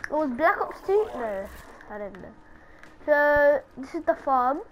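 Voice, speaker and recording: A woman giving casual commentary over her own gameplay, excitable and taunting other players. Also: high-pitched, a little slow, low-quality recording.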